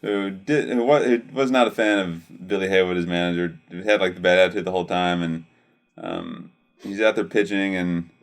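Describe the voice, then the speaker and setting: Low-voiced man, easygoing chat. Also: normal speed. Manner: easygoing, lots of ums and uhs. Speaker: podcast co-host. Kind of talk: casual chat about movies.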